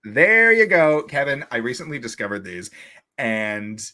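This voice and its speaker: A man's voice: medium pitch, sing-song, measured pace, bright, forceful tone. A man from Long Island co-hosting a podcast, telling stories animatedly in casual chat and swearing freely. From Long Island, New York. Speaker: podcast co-host.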